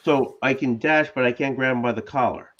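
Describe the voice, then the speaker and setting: A man from New England playing a tabletop game, his voice coming through dull and lo-fi. He talks eagerly and jumps in quickly. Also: mid-range voice, a bit bright. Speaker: player. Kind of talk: casual tabletop play. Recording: dull lo-fi sound.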